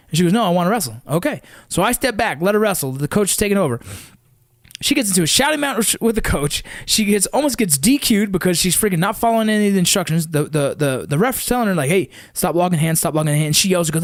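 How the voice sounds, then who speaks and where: Middle-aged dad ranting quick and blunt, kinda high voice, swears a lot, dry close mic. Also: male voice, expressive, no echo. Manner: blunt, swears, keeps asking "right?". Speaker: father talking about his kids' sports. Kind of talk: casual monologue.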